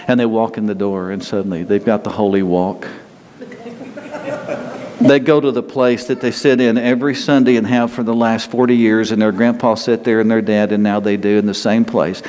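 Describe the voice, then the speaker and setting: A man's voice: lowish voice, a little mellow. A man preaching a sermon in a folksy, conversational way, acting out quotes of the people he talks about. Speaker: pastor. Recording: long hall reverb, faint ambient noise.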